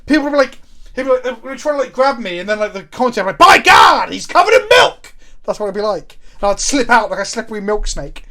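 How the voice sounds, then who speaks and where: A man with a high-pitched voice talks very fast while streaming a card game. He chats casually and animatedly, cracking jokes and swearing freely as he plays.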